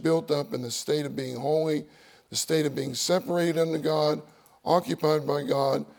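A man's voice: a little high, creaky. A man preaching a sermon, reading outline points aloud and repeating key phrases for emphasis.

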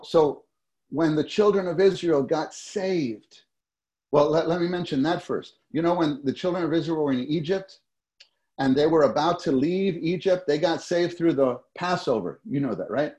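A middle-aged male preacher with a slightly higher-than-usual voice delivers a sermon. He keeps it conversational, putting questions to his listeners and repeating phrases to drive them home. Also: moderate pace, a little mellow.

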